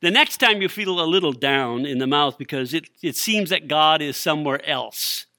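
A man's voice: fairly high pitch, lively intonation, moderate pace, pushed and bright, no echo, clean studio sound. A man preaching a sermon, emphatic, repeating key lines for stress.

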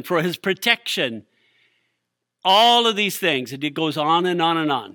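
A man's voice: fairly high pitch, bright, forceful tone, dry recording, clean studio sound. A man preaching a sermon, emphatic, repeating key lines for stress.

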